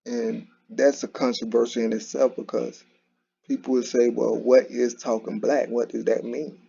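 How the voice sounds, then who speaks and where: Man, gravelly, casual solo commentary, restarts a lot, lo-fi dull recording. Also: mid-range voice, flat delivery, moderate pace, dark tone. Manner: conversational, repetitive, with frequent restarts and "you know". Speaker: commentary channel host.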